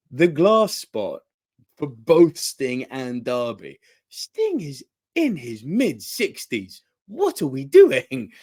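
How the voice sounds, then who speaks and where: A man in his thirties talks through a wrestling show in an excited review monologue. His voice sits at a middle pitch, and he often breaks into laughter and sudden high exclamations.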